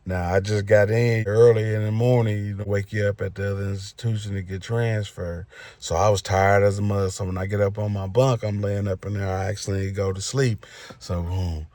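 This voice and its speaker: A man with a low voice tells a story in a loose, rambling way. He leans on fillers as he talks. The recording is close and dry, with no room sound. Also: level tone, brisk, a little mellow, dry recording. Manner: loose, rambling, filler "you know what I'm saying". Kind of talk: casual storytime vlog.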